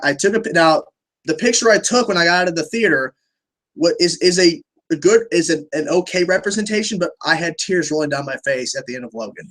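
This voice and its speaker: Answering viewers' questions on a casual livestream, a young man speaks in a voice on the high side. His replies ramble, with frequent restarts and plenty of free swearing.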